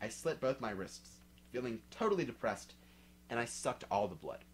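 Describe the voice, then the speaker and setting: A young man giving a comic dramatic reading, sniffly, swinging from mumbling to shouting. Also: medium pitch, lively intonation, normal speed, slight background noise. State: drinking, sniffly. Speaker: reader.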